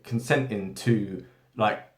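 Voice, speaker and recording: A man's voice: lowish voice, slow pace. Rambling British-raised man, echoey room. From Britain. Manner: rambling, many tag questions and restarts. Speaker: political commentary channel host. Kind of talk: unscripted monologue.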